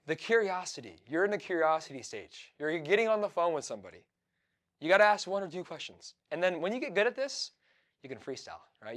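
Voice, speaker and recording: A man leads a sales training in front of a room. His voice sits somewhat high and swings up and down with a lot of life. He talks in a casual, emphatic way, checking in with "right?" and often restarting phrases. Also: fairly bright tone. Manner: repeats "right?" and "you know", conversational and emphatic. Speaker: sales coach. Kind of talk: live training talk to a room.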